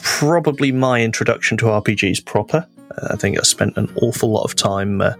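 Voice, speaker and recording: A man's voice: fairly low pitch, fairly quick, fairly bright tone, soft background music. A man in his late thirties, a guest player chatting casually and wryly about himself. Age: late 30s. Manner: wry, self-deprecating, with restarts. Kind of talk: casual chat.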